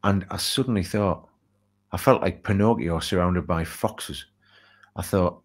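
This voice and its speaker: An author and speaker with a low, slightly slow voice tells an anecdote during an interview. He brings the story to life in a lively way, acting out the dialogue.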